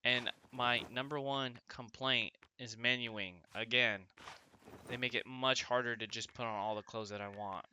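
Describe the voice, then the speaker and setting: A man's voice: mid-range voice, fairly even intonation, normal speed, pushed and bright, slight background noise. A young man hosting a gaming channel, chatting casually about his gameplay and often asking viewers "right?". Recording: voice-over with game music behind.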